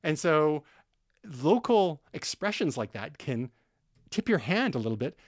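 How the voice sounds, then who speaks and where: A man from Canada co-hosts a technology podcast, walking through the news in an easygoing, rambling way. His voice sits a little high, and the recording is dry and close, with no room sound. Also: sing-song, unhurried, dry recording. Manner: conversational, explains with frequent fillers and restarts. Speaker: podcast co-host. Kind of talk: casual tech podcast chat.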